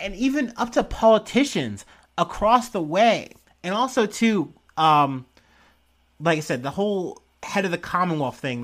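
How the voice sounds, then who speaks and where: Man, podcast host, slightly raised pitch, casual rambling monologue, blunt and profane, small apartment. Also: a bit bright. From United States. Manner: profane, rambling, frank opinions.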